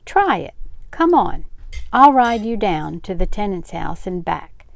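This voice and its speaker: An easygoing, persuasive teenage boy, as an older woman reads him from a storybook, joking his way around objections. Her low, gravelly voice comes through close and dry. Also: lively intonation, a little slow, dry recording. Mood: coaxing.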